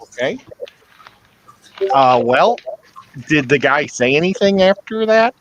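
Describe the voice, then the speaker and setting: A man's voice: a little high, expressive, slow, fairly bright tone, muffled recording. A man playing a tabletop game, easygoing and blunt. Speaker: player. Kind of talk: casual tabletop game chat.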